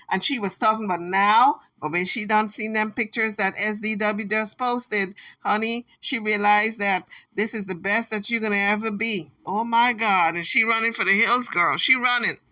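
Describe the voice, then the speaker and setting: Slightly high and sharp in tone, this woman hosts a commentary channel where she addresses clips directly. Her manner is sassy, teasing, and scolding.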